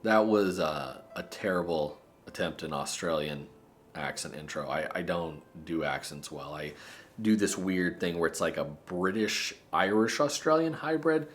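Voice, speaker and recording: A man hosting a casual faith talk, animated and self-mocking with jokes. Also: deep voice, unhurried. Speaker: host.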